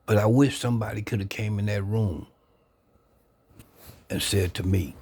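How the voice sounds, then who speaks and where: A man earnestly sharing his life story into a phone camera, reflective and unhurried. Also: on the low side, fairly even intonation, darkish tone, slight background noise. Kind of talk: personal testimony, casual talk.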